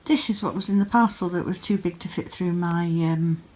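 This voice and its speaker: A woman in her thirties, a yarn dyer and vlogger, chats casually in her home craft room, gushing over small pretty things while sleepy and yawning. Her fairly low voice is steady and a little mellow at a normal speed.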